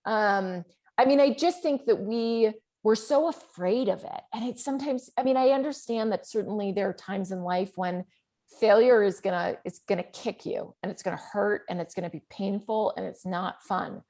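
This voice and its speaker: Woman, middle-aged, candid storytelling, animated, filler-heavy, conversational interview. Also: medium pitch, moderate pace. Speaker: guest author.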